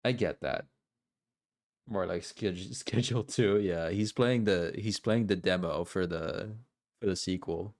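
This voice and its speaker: Male co-host, lower voice, unhurried delivery, mocking and laughing in casual stream chat. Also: a little mellow.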